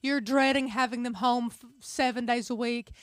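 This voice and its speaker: A woman's voice: on the high side, steady tone, normal speed, no room sound, studio quality. A woman co-hosting a craft video, chatting casually and chiming in often. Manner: talkative, chimes in often. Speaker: craft channel co-host. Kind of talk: casual chat.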